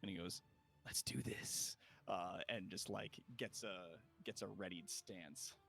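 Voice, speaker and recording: A man's voice: sits low, steady tone, a little slow, creaky, a bit bright, faint music behind. A man running a tabletop game as game master, narrating casually and playfully, laughing often and using lots of fillers.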